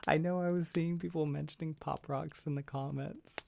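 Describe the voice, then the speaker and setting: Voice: mid-range voice, steady tone, moderate pace, vocal fry, darkish tone, a little hiss or hum. A young adult livestream host chatting casually with viewers, laughing often and restarting sentences.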